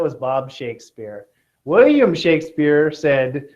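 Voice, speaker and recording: A man's voice: medium pitch, animated, measured pace, darkish tone. A man teaching a test-prep class, joking and checking in with his students, with a Southern Californian accent. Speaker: tutor. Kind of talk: classroom lecture. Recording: dull lo-fi classroom recording.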